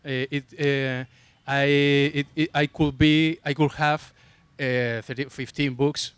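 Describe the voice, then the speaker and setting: Halting man author, flat and smooth. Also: a little high, no echo. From Spain. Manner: halting, searching for words. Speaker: author on a panel. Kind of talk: festival panel discussion. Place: stage at a literary festival.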